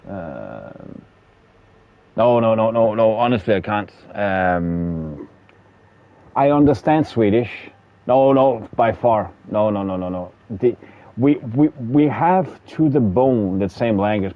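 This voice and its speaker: Speaking in a lowish, animated voice at a measured pace, the Danish-accented streamer from Denmark talks casually during gameplay and repeats words. The audio is narrow and tinny, with no echo.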